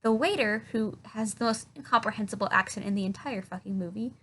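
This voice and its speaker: A woman's voice: mid-range voice, fairly quick, a bit bright, breathy edge. A woman recapping a film in a casual, sarcastic way, swearing a lot and mocking the dialogue. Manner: sarcastic, profane, mocking movie dialogue in silly voices. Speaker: film reviewer.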